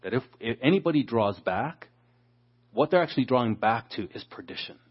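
A man's voice: medium pitch, expressive, a little fast, breathy edge. A man preaching a Bible study, explaining a passage verse by verse and acting out the people he quotes. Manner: expository, acts out quoted speakers. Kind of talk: Bible teaching. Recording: dull lo-fi sound.

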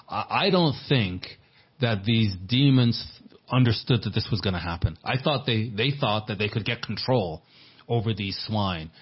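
A male pastor preaching a sermon in an earnest way, often repeating words, with a husky voice. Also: on the low side, expressive, moderate pace. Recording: dull lo-fi sermon recording.

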